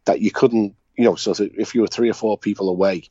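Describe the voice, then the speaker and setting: A man's voice: on the low side, fairly even intonation, fast talker, dark tone, no echo, dull audio. A man with a Liverpool Scouse accent telling anecdotes in casual chat, blunt and chuckling as he talks. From Liverpool, England. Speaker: podcast co-host.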